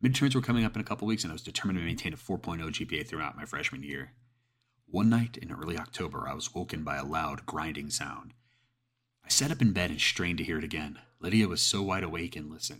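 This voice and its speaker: A man reads a creepy first-person horror story in a steady, storytelling manner. His voice is very deep and sits low. It has a husky, slightly rough grain. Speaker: narrator. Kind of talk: scripted horror story narration.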